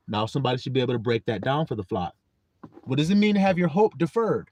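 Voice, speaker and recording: A man's voice: mid-range voice, expressive, fast talker, a little mellow, no echo. A man preaching a casual sermon to an online flock, firing rhetorical questions in a blunt, profane way.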